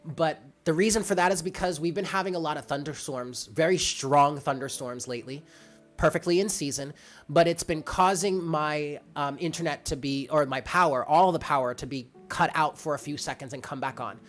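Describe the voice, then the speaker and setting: Low-voiced woman chatting with viewers. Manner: chatty, rambling, reads out viewer comments. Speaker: tarot reader. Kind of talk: casual live-stream chat. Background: faint lo-fi music.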